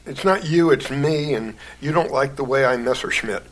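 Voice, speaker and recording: A man co-hosting a podcast, firing off quick pun one-liners in casual chat. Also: mid-range voice, a little hiss or hum, low-quality recording. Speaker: podcast co-host.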